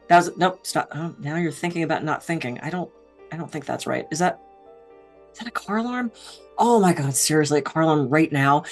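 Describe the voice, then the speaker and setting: A woman's voice: low-pitched, animated, fairly quick, long pauses, faint music behind. A middle-aged woman giving a motivational talk on stress and meditation, acting out her own inner voice as she tells stories. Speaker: stress management speaker.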